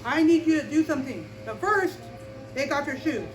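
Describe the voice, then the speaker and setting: Woman voicing a calm, commanding God. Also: high-pitched, moderate pace, reverberant, recorded from a distance, over music. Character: calm commanding male god speaking with authority.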